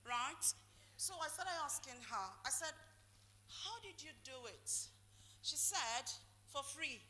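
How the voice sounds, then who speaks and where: A woman's voice: sits high, expressive, slow, sharp tone. A woman giving a motivational talk, calling out questions for the audience to finish. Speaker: motivational speaker. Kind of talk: call-and-response motivational talk. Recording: echoey hall, faint noise.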